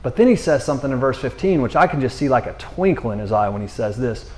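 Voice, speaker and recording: Male preacher, mid-pitched, talks Scripture like casual chat, slangy with frequent restarts. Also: animated, quick pace, a little mellow. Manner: slangy, conversational, restarts often. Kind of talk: casual sermon.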